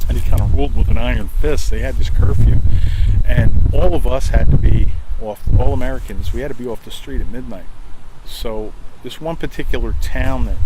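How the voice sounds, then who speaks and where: A man's voice: mid-range voice, very noisy. An older man, a navy veteran, telling rambling stories from his service in a casual interview, full of fillers and restarts and acting out the people he quotes.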